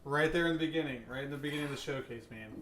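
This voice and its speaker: A man from Long Island co-hosting a casual podcast chat, talking in a chatty, animated storyteller way. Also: medium pitch, racing. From Long Island, New York. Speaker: co-host. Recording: echoey room, faint noise.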